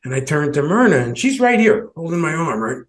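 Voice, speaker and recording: A man's voice: on the high side, big pitch swings, a little fast. A man who hosts a podcast, telling a personal story with many restarts and short laughs. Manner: rambling, many restarts, laughs between phrases. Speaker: podcast host.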